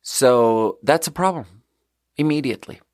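Animated man telling a kitchen story. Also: moderate pace, no room sound, clean studio sound. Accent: Swedish. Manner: animated, rises to high shouting when quoting the kitchen. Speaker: podcast host. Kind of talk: casual storytelling.

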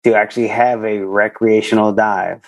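A man in his thirties or forties answering interview questions in an easygoing, halting way. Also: fairly low pitch, level tone, dry recording. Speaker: guest.

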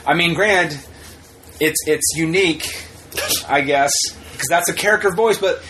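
A man's voice: on the high side, a little slow, a little hiss or hum, rough recording. Rambling man chatting on a podcast. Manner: rambling, animated, acts out quotes in put-on voices. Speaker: podcast co-host. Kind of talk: casual chat.

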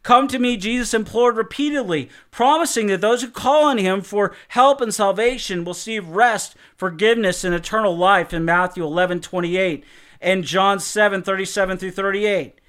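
A man giving an earnest, measured Bible teaching and reading scripture quotes in a sermon style. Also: high-pitched, a bit bright.

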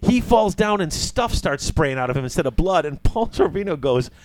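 A man's voice: sits high, lively intonation, moderate pace, a little hiss or hum. A man casually retelling a movie plot, acting out the characters' lines as he goes.

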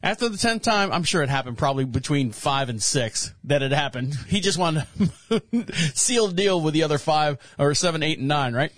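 A man's voice: on the high side, animated, moderate pace, a bit bright, no echo. A man hosting a show, reading news headlines and rambling jokingly about them in casual commentary. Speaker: show host.

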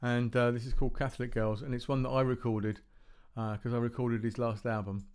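A man's voice: medium pitch, little pitch movement, brisk, darkish tone, smooth. A man hosting a podcast from a home recording room, chatting casually between tracks with rambling, self-deprecating asides and frequent restarts. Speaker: podcast host playing music tracks.

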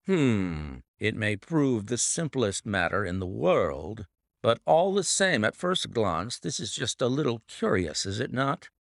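Man playing a thoughtful detective, low and measured, in a dry, close recording. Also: big pitch swings, gravelly, dry recording, heavily acted. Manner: measured, musing. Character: shrewd, thoughtful male detective, middle-aged.

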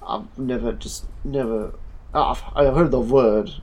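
Woman, very deep and breathy voice, deadpan improv comedy banter. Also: unhurried. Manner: playful, deadpan joking, trying out accents.

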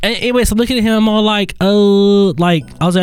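Man from Texas, podcast co-host, casual storytelling, acts out quotes, laughs a lot, slightly high voice. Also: fast, smooth, soft background music. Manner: animated, acts out quoted dialogue, laughs often.

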